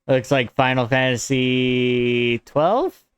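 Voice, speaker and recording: Smooth-voiced American man reading his draft. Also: mid-range voice, slow pace, no echo. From United States. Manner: stops to correct his own wording while reading; rambling and conversational. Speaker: streamer and writer. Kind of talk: reading his own draft aloud and chatting with viewers.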